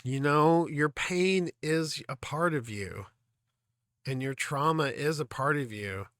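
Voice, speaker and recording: A man hosting a music reaction video, talking in an earnest, halting, reflective way, full of fillers and clearly emotional. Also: on the high side, fairly bright tone, no echo, clean studio sound. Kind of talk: casual reaction commentary.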